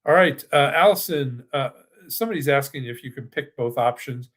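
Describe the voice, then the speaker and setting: A man's voice: mid-range voice, moderate pace, fairly bright tone. Chatty older man hosting a finance webinar. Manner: chatty, with frequent restarts and asides. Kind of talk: casual presentation with live Q&A.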